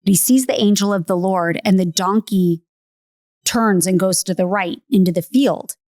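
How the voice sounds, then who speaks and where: A woman's voice: mid-range voice, normal speed, darkish tone, no room sound, studio quality. A woman hosting a podcast, telling a story in a casual, earnest way. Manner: earnest, retells with acted quotes. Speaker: podcast host.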